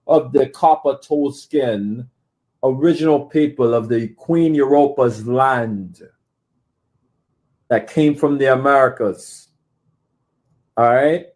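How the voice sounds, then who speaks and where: A man's voice: medium pitch, slow pace, pauses often, a little mellow. A man in a social media clip, talking in a preachy, confrontational way.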